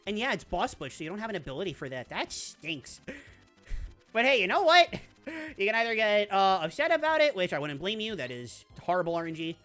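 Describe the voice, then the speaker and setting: Excitable woman streamer with a lively, bright voice. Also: mid-range voice, brisk, soft background music. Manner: excitable, laughs often, squeals when excited. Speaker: streamer playing a video game. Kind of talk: casual live-stream commentary.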